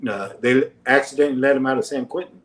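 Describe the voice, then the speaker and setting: A man's voice: medium pitch, fast talker, recorded from a distance. A man telling stories in a casual podcast chat, rambling with many fillers and acting out quoted lines. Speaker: podcast guest. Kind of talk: casual storytelling. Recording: roomy and off-mic.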